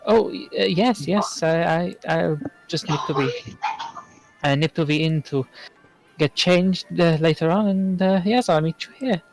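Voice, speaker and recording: A bashful young kobold woman stumbles over every word, hesitating and trailing off. Her voice sits higher and softer than usual, as a man puts her on in a tabletop role-play. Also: gravelly, faint music behind, poor audio. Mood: flustered. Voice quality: stammering, halting. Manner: timid and polite, full of hesitant fillers. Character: shy flustered young female kobold villager.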